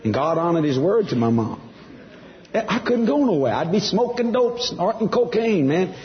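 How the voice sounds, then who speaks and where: A man's voice: high voice, big pitch swings, normal speed, in a large hall, muffled recording. A man giving a testimony sermon, telling his story with animation and acting out the other voices. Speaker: preacher.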